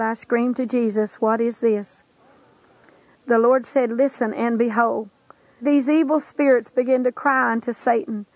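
Woman preacher, solemn testimony delivery, slightly high gravelly voice. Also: steady tone, measured pace, no echo, poor audio. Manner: solemn, earnest storytelling with old-fashioned scriptural wording. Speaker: preacher recounting a vision. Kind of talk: testimony sermon.

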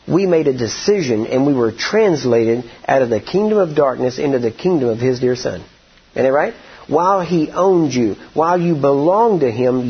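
A man preaching a sermon, telling a story in a folksy, drawn-out way and rising to emphatic declarations. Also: medium pitch, breathy edge, lo-fi sound.

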